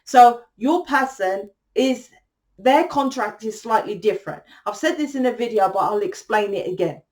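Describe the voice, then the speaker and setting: A woman's voice: on the high side, lively intonation, moderate pace, a little mellow. A young woman talking casually and at length to her online community, rambling and swearing freely as she explains her ideas. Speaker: spiritual channel host. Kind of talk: casual monologue.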